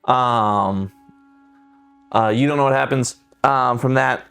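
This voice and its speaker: A man in casual talk at a tabletop game, narrating and playing, with many pauses and fillers. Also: mid-range voice, vocal fry, a bit bright, clean tone, soft background music.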